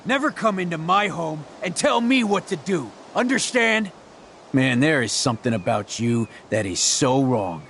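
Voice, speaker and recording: An actor playing a suspicious, volatile man in a video game who turns menacing and yells. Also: medium pitch, normal speed, few pauses, a little hiss or hum, close to an everyday voice. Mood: threatening. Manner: menacing, erupts into shouting. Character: volatile, suspicious adult male drug dealer.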